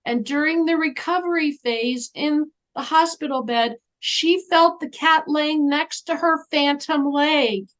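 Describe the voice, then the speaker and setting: A woman guest in an interview, telling a story in an animated way and acting out the voices of people she quotes. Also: sits high, unhurried, few pauses.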